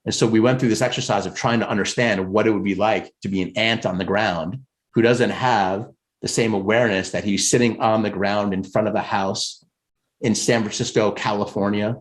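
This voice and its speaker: An American man, a career coach, talking earnestly and conversationally about spirituality on a group call, often rising in pitch for emphasis. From United States.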